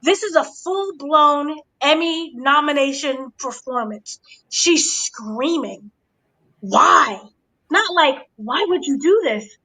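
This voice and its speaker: A woman hosting a casual wrestling review, animated and acting out the quotes with gasps and shrieks. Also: sits high, slow. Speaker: show host. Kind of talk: casual wrestling recap chat.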